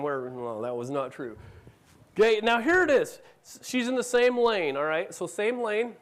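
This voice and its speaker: A man's voice: high voice, lively intonation, normal speed. A middle-aged man giving a conference talk, telling a story about his family and acting out their dialogue. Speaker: conference speaker. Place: conference room.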